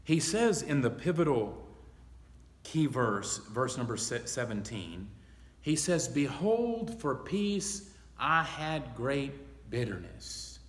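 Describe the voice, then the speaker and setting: A man preaching a Bible study sermon, reading scripture aloud slowly and with emphasis. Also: medium pitch, big pitch swings, echoey room, long reverb tail. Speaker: pastor. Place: church sanctuary.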